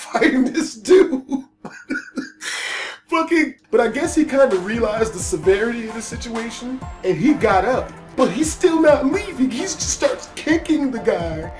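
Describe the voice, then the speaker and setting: A man telling a story in casual, profane storytime style, animated and laughing at his own tale. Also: very high voice, a little slow, faint music behind. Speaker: YouTube storyteller.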